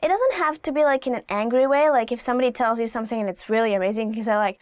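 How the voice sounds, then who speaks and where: A woman's voice: a little high, rapid-fire, few pauses, no room sound. A woman teaching phrases in a casual video lesson, chatty and playful, acting out little example lines. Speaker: language teacher.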